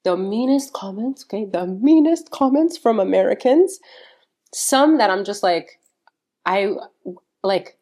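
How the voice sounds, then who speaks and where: A woman hosting a podcast in casual chat, animated and swearing freely as she rants, acting out little quoted voices. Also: mid-range voice, measured pace. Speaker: podcast host.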